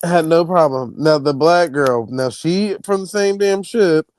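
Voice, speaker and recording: A man hosting a stream, telling travel stories in a casual, animated and profane way. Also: fairly high pitch, unhurried, clean tone, no room sound, rough recording. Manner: animated, profane, acts out quoted people. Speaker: stream host. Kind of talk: casual storytelling chat.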